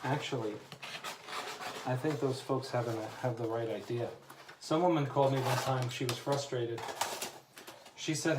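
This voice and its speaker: A man's voice: medium pitch, moderate pace, pauses often. Wallpaper guy explaining as he works, jokey asides, echoey room, noisy background. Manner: chatty, joking asides to viewers; talks while working, drifts from the mic. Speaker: wallpaper installer. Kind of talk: hands-on how-to demonstration. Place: indoor room being wallpapered.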